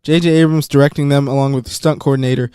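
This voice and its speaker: A man's voice: medium pitch, fairly even intonation, racing, mellow, clean tone, dry recording, studio quality. A man hosting a podcast in casual chat, talkative and hesitant with many ums. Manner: chatty, hesitant with frequent ums. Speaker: podcast host.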